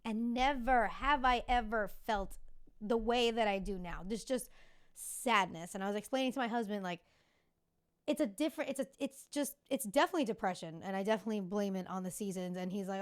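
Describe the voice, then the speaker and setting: A woman's voice: mid-range voice, brisk, smooth. A woman in her thirties hosting a podcast, talking casually, candid and confiding, with the odd swear word. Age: 30s. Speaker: podcast host. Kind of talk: casual chat.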